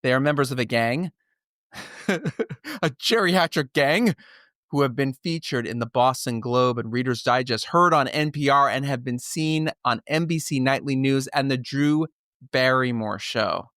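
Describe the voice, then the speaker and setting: A man's voice: medium pitch, moderate pace, fairly bright tone, no echo, studio quality. A man hosting an upbeat podcast, enthusiastic and playful as he tells stories and welcomes guests. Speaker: podcast host.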